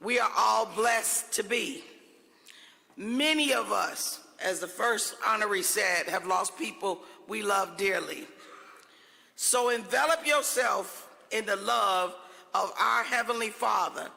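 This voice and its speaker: A woman's voice: mid-range voice, a little slow, vocal fry, pushed and bright. A woman giving a fervent, folksy acceptance speech in a large event hall. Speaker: award honoree.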